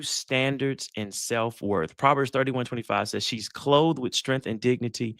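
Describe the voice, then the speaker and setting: Middle-aged guy, gravelly voice pitched a bit high, dry close sound, tells stories and quizzes the crowd. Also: no room sound. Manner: animated storytelling, acts out dialogue, asks the crowd questions. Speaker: psychologist giving relationship advice. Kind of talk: live talk to an audience.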